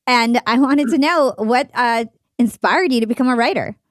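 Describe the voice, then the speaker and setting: A woman hosting an interview podcast, reading a prepared introduction and asking questions in a measured, earnest way. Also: a little high, slight background noise. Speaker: podcast host.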